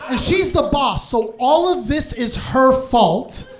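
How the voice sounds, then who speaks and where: A man doing stand-up storytelling on a comedy stage, animated and laughing through his lines. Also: very high voice, slow, some chatter behind.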